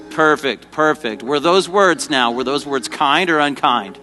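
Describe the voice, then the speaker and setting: A man's voice: medium pitch, expressive, normal speed, few pauses, bright, forceful tone, soft background music. A man leading an interactive Bible lesson for children, directing volunteers on stage and prompting the audience to call out responses. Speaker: children's ministry teacher. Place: church stage before a kids' audience. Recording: echoey hall reverb.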